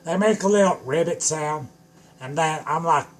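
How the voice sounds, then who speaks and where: A man delivering a manic, rambling improvised comedy rant that keeps bursting into shouts. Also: a little high, normal speed. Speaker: comedic vlogger.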